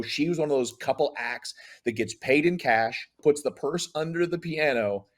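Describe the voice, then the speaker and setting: A middle-aged man, a comedian, telling stories in a casual interview and acting out the dialogue. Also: mid-range voice. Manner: animated, acts out dialogue in voices. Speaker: comedian guest.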